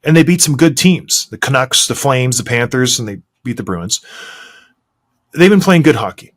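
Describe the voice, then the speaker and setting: A male podcast host talks hockey with lots of emphasis. His pitch swings widely as he drives his points home. He is a former player and is blunt about it. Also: animated, normal speed. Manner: emphatic, mocking impressions of coaches. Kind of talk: opinionated sports talk.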